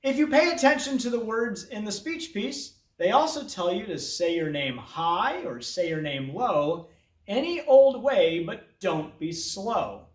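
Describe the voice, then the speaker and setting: Lively man teaching a music lesson. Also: high-pitched, unhurried. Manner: lively, chanting names in rhythm over a metronome. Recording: roomy echo.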